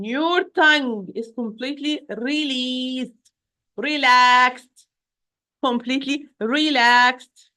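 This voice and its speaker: A woman's voice: sits high, pushed and bright. Patient woman teaching recitation. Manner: patient, repeats and checks with "okay?"; demonstrates sounds slowly. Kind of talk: online lesson.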